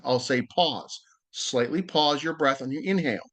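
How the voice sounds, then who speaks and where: A yoga teacher gives a casual online talk over a video call, friendly and loose, full of fillers and restarts, and leads a breathing exercise. His slightly high voice is animated, brisk and fairly bright.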